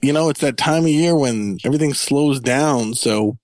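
A man's voice: mid-range voice, normal speed, a little mellow, no echo. A man hosting a gaming podcast, joking and chatting casually with his co-host.

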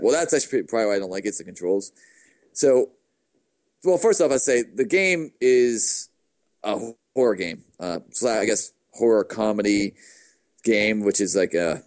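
A man's voice: fairly low pitch, a little mellow. Easygoing man meandering through game talk. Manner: easygoing, meandering, self-correcting. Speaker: podcast co-host. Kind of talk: casual gaming chat.

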